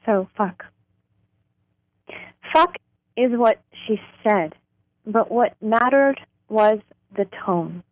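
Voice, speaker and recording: Woman poet reading her poem real slow, dry studio sound. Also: on the high side, lively intonation, no echo, dull audio. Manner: slow, deliberate reading with drawn-out words. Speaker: poet guest. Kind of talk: poetry reading on radio. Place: radio studio.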